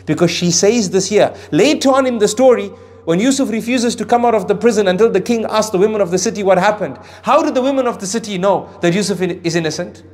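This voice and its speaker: A male preacher with a high voice gives a sermon on Quran verses. He climbs into raised emphasis, then drops into hushed asides, and says Arabic phrases with care. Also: fast. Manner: recites Arabic phrases with careful pronunciation. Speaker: Islamic preacher.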